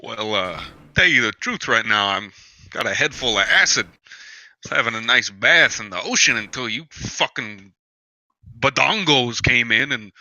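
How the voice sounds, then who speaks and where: A man voicing a rambling, evasive mob contractor who is high on acid, in a tabletop role-play, with hesitant speech full of uhs. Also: animated, a little slow, bright, forceful tone, dry recording, low-quality recording.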